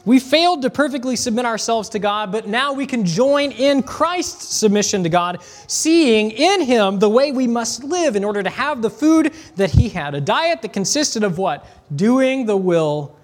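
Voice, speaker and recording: A man with a notably high voice delivers a sermon. He reads scripture aloud, drops in conversational asides and rhetorical questions, and slows down deliberately when stressing a point. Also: expressive. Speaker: preacher.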